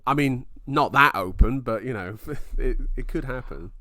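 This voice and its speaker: A young man co-hosting a casual sports podcast, rambling and excitable as he retells a fight. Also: mid-range voice, normal speed, dry recording, clean studio sound. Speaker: podcast co-host.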